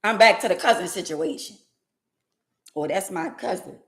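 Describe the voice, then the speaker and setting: A woman, talking sassily to her live audience in an animated, preachy monologue. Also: mid-range voice. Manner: sassy, preachy, drawn-out exclamations and laughs.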